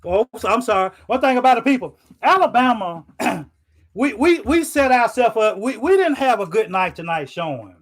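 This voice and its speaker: A man's voice: extremely high pitch, sing-song, moderate pace, poor audio. A man ranting live on stream, rambling and repeating himself, swearing often, frustrated but accepting. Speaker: sports fan vlogger. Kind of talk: live stream reaction rant.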